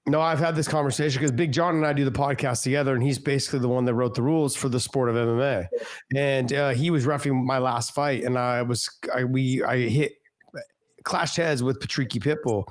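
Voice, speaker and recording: A man's voice: medium pitch, a little fast. A man hosting a casual podcast chat who is also a fighter, explaining plainly with fillers.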